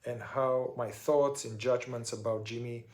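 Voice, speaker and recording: A man teaching a therapy process step by step, unhurried and searching for his words with many fillers. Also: medium pitch, steady tone, a little mellow, roomy sound. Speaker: somatic shadow work teacher.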